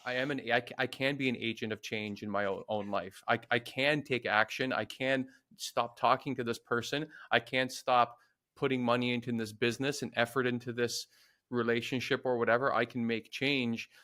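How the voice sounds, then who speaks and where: Male podcast host, thoughtful and exploratory, with an everyday mid-pitched voice. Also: steady tone, normal speed, pushed and bright. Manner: reflective, searching for words. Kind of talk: conversational interview.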